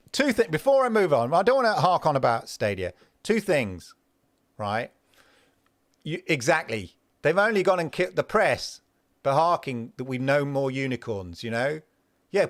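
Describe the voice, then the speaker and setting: A man hosts a gaming livestream in a casual, rambling way and keeps breaking off to greet his chat. His voice sits a little high and swings up and down a lot. The sound is dry and close, with no room echo. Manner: rambling, animated, talks back to chat. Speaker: host of a livestream gaming show.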